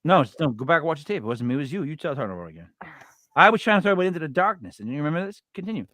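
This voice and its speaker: A man's voice: on the high side, sing-song, racing, bright, forceful tone, no echo, studio quality. A man in his forties co-hosting a casual true-crime podcast, blunt and joking, rambling off topic. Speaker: podcast co-host.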